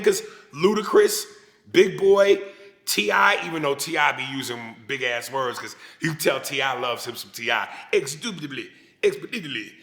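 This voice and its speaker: Ranting New York comedian, bright and gravelly. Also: male voice, on the high side, normal speed, roomy sound. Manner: animated, profane comedic ranting. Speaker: comedian guest. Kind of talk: casual interview.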